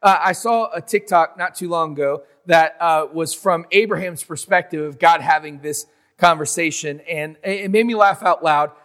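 A man's voice: on the high side, moderate pace, fairly bright tone, long reverb tail. A man preaching a sermon in a conversational way, acting out biblical figures in modern slang. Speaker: pastor.

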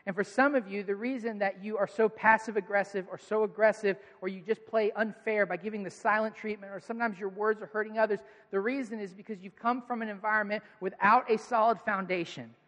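A pastor in his thirties with a high, steady, fairly bright voice preaches a sermon briskly and with few pauses, sharing family stories in an earnest, conversational way. He speaks before an audience in a church auditorium, and the recording carries a long hall reverb.

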